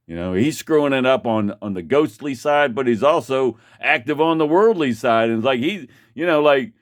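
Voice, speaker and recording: A man's voice: mid-range voice, dry recording, studio quality. A man telling a rambling personal story, swearing freely and restarting sentences often. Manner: profane, rambling, restarts a lot.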